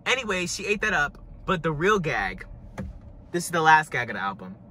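A hoarse man in an over-the-top reaction vlog, his voice pitched high and swinging wildly up and down. The tone is piercingly bright and edgy, and he gushes dramatically from one line to the next. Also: sing-song, brisk, slight background noise. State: hoarse from screaming. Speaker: music reviewer.

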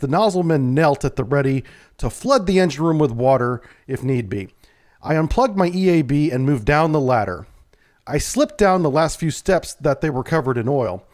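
A man, a navy submarine veteran, telling a first-person true story in a calm, measured way. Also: on the high side.

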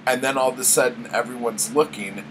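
A man giving a casual spoken recap of a book, rambling, swearing freely and filling pauses with "um" and "like". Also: mid-range voice, steady tone, noisy background. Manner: rambling, full of fillers and swearing. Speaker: book vlogger.

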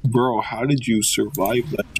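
A young man giving goofy, excitable commentary while playing a video game, joking and trash-talking the enemies. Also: medium pitch, measured pace, slight background noise. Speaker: gamer. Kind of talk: let's play commentary.

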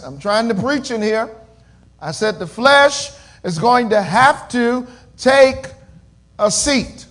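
High-pitched preacher, slow and dramatic. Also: male voice. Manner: call-and-response preaching, swells loud and drops to a near murmur. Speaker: pastor. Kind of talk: sermon.

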